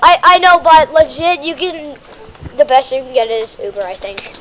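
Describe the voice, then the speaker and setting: A young female gamer chatting casually while playing, excitable and a bit bossy, slightly sick. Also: high voice, normal speed, heavy background noise. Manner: excited, bossy about the game. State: a little sick. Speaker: gamer host. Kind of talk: casual game chat.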